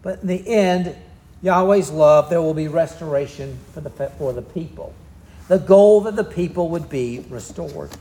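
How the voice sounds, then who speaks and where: A man's voice: fairly high pitch, normal speed, warm tone, reverberant. A man with a Southern US accent preaching a sermon, telling the story in a folksy, easygoing way. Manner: folksy storytelling, drawling asides. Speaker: pastor.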